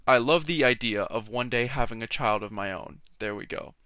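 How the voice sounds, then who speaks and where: A man's voice: medium pitch, moderate pace, sharp tone, dry recording, clean studio sound. A young man hosting a solo podcast, rambling and sarcastic, often interrupting himself. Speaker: podcast host. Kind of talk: casual solo podcast rant.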